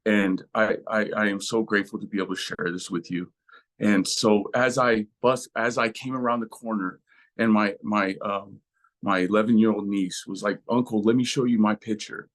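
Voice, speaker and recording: A man's voice: on the low side, normal speed. A man telling an emotional personal story as a guest speaker, acting out voices from it with lots of life. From USA. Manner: animated, acts out voices in his story.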